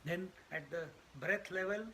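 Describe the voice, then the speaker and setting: A man's voice: sits high, measured pace, sharp tone, slight background noise, rough recording. A man teaching a spiritual discourse, emphatic and repetitive, laughing at his own jokes. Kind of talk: Vedanta discourse.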